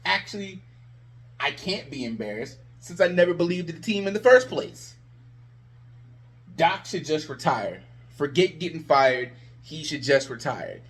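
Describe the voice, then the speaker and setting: Male sports vlogger, slightly high voice; sarcastic, exasperated ranting fan commentary. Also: very animated, unhurried, fairly bright tone.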